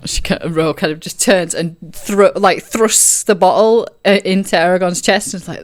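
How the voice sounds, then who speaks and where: A woman's voice: fairly low pitch, normal speed, hardly any pauses, no room sound. A woman narrating a tabletop game as game master, chatty and full of filler words.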